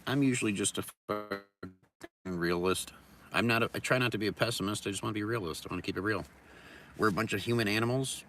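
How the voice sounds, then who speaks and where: Gruff low-voiced man ranting bluntly. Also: quick pace, fairly bright tone, recorded from a distance. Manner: rambling, profane and blunt; philosophizing in repeated mantras. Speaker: livestream host. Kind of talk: casual livestream monologue.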